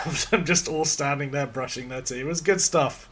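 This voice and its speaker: A man co-hosting a casual chat, hesitant and slow to get his words out. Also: fairly high pitch, bright, forceful tone, slight background noise. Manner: slow, hesitant, often restarts sentences. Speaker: podcast co-host.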